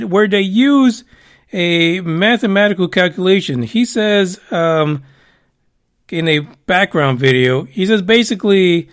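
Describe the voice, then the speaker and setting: A man hosting a casual talk show, rambling with profane joking asides. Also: high-pitched. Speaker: podcast host. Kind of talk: casual radio show chat.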